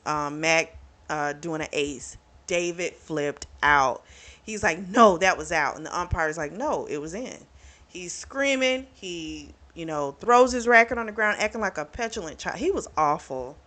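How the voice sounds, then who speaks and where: A woman's voice: lowish voice, a bit bright. A woman casually retelling a novel's plot for her book channel, chatty and quoting the characters as she goes. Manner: chatty, retells plot with quoted dialogue and laughs. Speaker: book reviewer.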